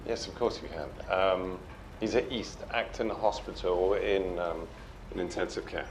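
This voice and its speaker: An actor playing a calm man who gently gives news, in a steady voice. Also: deep voice, unhurried, slight background noise. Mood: reassuring. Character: calm, reassuring man giving hospital news.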